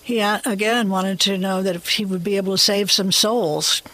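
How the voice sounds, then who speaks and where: An author guest telling anecdotes in an animated, rambling way. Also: mid-range voice, normal speed, poor audio. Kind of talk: storytelling interview.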